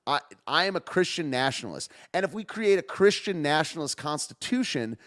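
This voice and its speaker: Ranting casually about politics on his podcast, this host rambles sarcastically and laughs at his own jokes. He speaks fairly quickly in an expressive, a little high, slightly bright voice.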